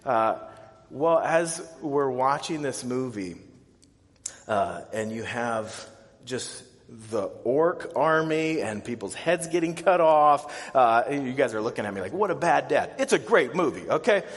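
A man in his thirties preaching a sermon, telling stories in an animated way and acting out scared, panicked voices with big jumps in pitch and loudness. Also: a little slow, in a large hall. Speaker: pastor.

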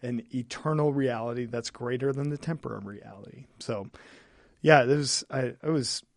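Gravelly earnest male pastor. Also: medium pitch, no room sound, clean studio sound. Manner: earnest, halting, many restarts. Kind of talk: casual podcast chat.

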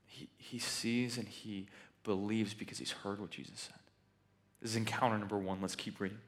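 A man preaching a sermon in an animated, conversational way with joking asides. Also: fairly low pitch, moderate pace. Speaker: pastor.

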